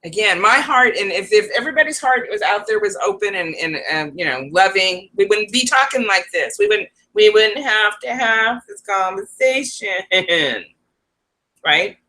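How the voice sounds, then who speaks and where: A woman's voice: medium pitch, expressive, normal speed, pushed and bright. A woman hosting a casual live stream from home, chatty and laughing often between restarts. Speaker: psychic livestream host.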